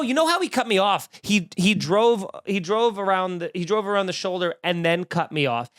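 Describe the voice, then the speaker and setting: A male comedian hosts his podcast, spinning a profane, snarky rant about a bad encounter. His voice is high and smooth, close to the mic in a dry room. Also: fairly bright tone, no room sound. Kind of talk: casual comedic storytelling.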